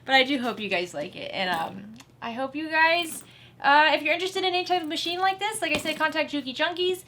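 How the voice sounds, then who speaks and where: A woman's voice: sits high, a little fast, pushed and bright, slight background noise. A woman hosting a casual sewing vlog, chatty and gushing, talking fondly to her sewing machine. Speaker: sewing vlogger.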